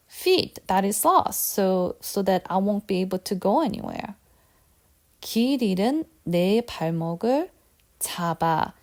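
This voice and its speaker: Female tutor, mellow tone, patient, repeats and quizzes. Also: medium pitch, gravelly. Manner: patient and repetitive, asks quiz questions. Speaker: Korean language teacher. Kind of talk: lesson.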